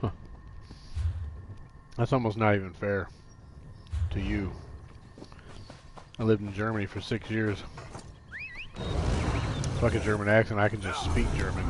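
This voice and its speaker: A man's voice: fairly low pitch, flat delivery, unhurried, pauses often, background noise. A man streaming a video game, chatting casually and profanely with his viewers in a joking way. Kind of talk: casual live-stream chat.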